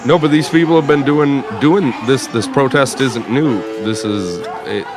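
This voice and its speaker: A man co-hosting a podcast in casual chat, talking haltingly with lots of uh's and restarts. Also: mid-range voice, music in the background, crowd noise. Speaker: podcast co-host.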